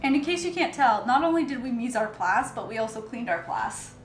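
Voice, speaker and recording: A woman's voice: a little high, animated, brisk. A woman co-hosting a cooking video, bantering playfully and teasing her co-host in a home kitchen. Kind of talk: casual cooking chat. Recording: echoey kitchen.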